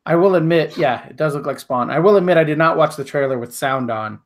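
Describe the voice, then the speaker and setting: A man's voice: on the high side, fast. A man co-hosting a podcast in casual chat, blunt and profane with strong opinions. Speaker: podcast co-host.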